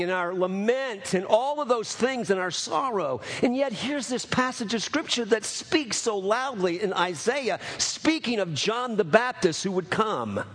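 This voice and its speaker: A man preaching a sermon as pastor, earnest, repeating phrases, moving between raised proclamation and hushed asides. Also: high voice. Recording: long hall reverb.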